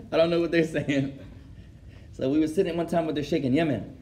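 A man gives a lesson in a mellow, fairly high voice. He moves back and forth between English and Arabic, repeating key phrases for emphasis and laughing at his own anecdotes. His delivery is that of a teacher addressing a class. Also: steady tone, moderate pace, a little hiss or hum. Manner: switches between English and Arabic, translating as he goes. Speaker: Islamic teacher.

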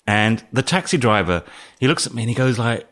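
A British man speaking as an interview guest, telling his story in a calm, thoughtful way. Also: mid-range voice, fairly quick. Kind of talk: reflective interview talk.

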